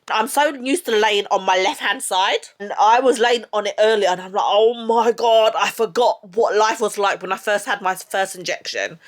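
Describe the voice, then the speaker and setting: A woman's voice: mid-range voice, a bit bright. A woman, vlogging in a casual, chatty and confiding way while holding the camera. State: out of breath. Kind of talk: casual vlog chat. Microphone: handheld camera.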